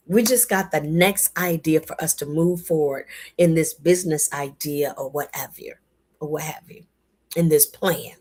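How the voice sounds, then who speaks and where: A woman giving a casual spoken affirmation talk in a folksy, animated way, calling listeners baby and y'all. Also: lowish voice, husky. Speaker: motivational speaker.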